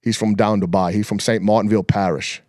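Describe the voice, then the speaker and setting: A man's voice: fairly low pitch, fairly even intonation, fast, a little mellow, no room sound, studio quality. A man hosting a sports talk show, chatting casually in a folksy, colloquial storytelling way. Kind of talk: casual chat.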